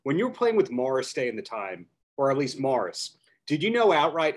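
A man's voice: mid-range voice, very animated, a little fast. A man hosting a podcast, asking long, chatty questions in a casual interview.

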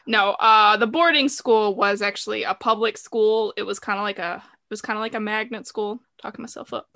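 Bright-voiced young woman podcaster, chatty. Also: mid-range voice, steady tone, brisk, no room sound, studio quality. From American South. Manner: chatty, laughing, self-deprecating. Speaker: podcast co-host. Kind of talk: casual chat.

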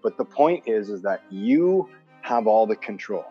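A man's voice: fairly low pitch, animated, a little slow, warm tone, husky. A man in casual conversation, making his points with emphasis, repeating them and explaining with examples. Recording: dull lo-fi sound with faint music.

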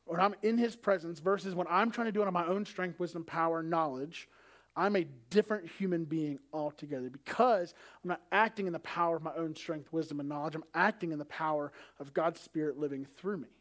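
A man in his thirties preaching a sermon as a pastor, telling family stories and acting out the dialogue in an animated way. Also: a little high, fairly quick.

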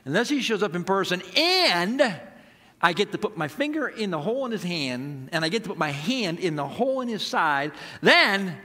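A male pastor preaching an animated sermon, acting out the characters' lines as he tells the story. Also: high-pitched, normal speed.

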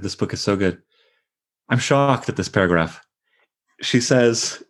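A man leading a book discussion with students, reading passages aloud with animated emphasis. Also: mid-range voice. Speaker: discussion leader.

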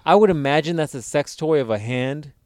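A man's voice: a little high, a little fast, a little mellow, no echo. A man co-hosting a crude, casual chat, swearing constantly and laughing at his own jokes. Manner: profane, joking, laughs often.

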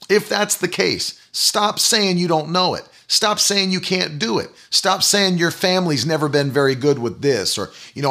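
A man's voice: fairly high pitch, lively intonation, a little slow, vocal fry, pushed and bright. A man preaching a sermon, emphatic and repetitive, leading the listeners in spoken declarations. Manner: emphatic, repeats key phrases; leads declarations.

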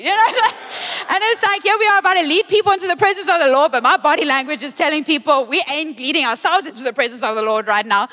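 A woman preaching a lively live sermon in a church, excitable, playful and self-mocking, speaking on a handheld microphone. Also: high-pitched, fast talker. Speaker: worship leader preaching. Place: church auditorium, live service. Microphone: handheld mic. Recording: long reverb of a church hall.

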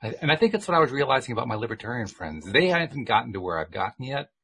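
A man's voice: medium pitch, big pitch swings, racing, bright, forceful tone, breathy edge. A man in reflective casual conversation, talking thoughtfully with frequent restarts.

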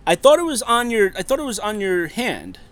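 A man's voice: high voice, very animated, fairly quick, a bit bright. A man in his thirties co-hosting a casual podcast, telling a story with lots of laughter, swearing and acted-out quotes. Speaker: podcast co-host.

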